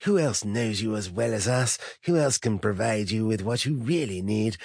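A man voicing an ageless, sinister drug-den host who speaks in a breathy, falsely hearty voice, slow and coaxing. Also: on the low side, animated, a little mellow, dry recording, studio quality. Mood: wheedling. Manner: silky, wheedling, slow and coaxing. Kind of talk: audiobook character voice.

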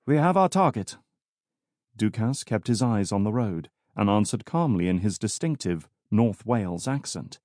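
A man narrating an audiobook in measured, scripted storytelling. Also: on the low side, dark tone, dry recording. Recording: dry studio recording.

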